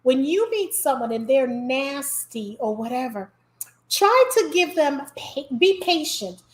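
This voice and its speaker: A high-pitched woman with a New York accent talks in an animated, emphatic way as she hosts a casual interview. Her voice rings in a roomy, echoey space. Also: measured pace. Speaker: host.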